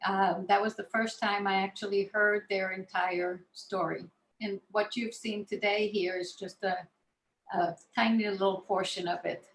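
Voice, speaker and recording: Woman born in Israel, guest speaker, relaxed anecdotal storytelling, roomy echo. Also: mid-range voice, normal speed, a little hiss or hum. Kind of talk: personal storytelling talk.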